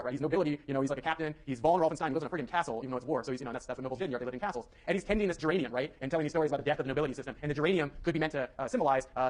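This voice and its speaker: A young man giving a university lecture in a conversational way, with fillers and restarts. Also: a little high. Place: lecture hall.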